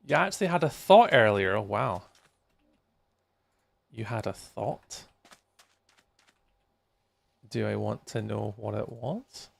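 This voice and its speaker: A man's voice: fairly low pitch, takes it slowly, vocal fry, long pauses, no room sound. A man chatting with viewers during a live gameplay stream. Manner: chatty, talks to viewers while playing. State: tired, yawning.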